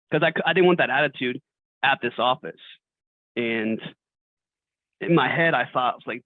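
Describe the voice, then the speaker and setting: A man's voice: medium pitch, expressive, normal speed, pauses often, no room sound. A man in a sales team telling a story on a video call, blunt and profane. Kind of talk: casual storytelling. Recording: tinny phone-like video call.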